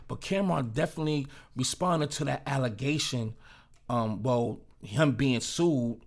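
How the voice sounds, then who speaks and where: A man's voice: fairly high pitch, brisk. A man giving casual commentary on celebrity gossip, reacting loosely in slang and often repeating and restarting words.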